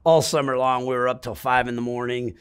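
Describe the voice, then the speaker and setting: A middle-aged man in an interview, telling a rambling, profane story in a casual, animated way. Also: medium pitch, fairly quick, smooth. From Great Lakes region of the US.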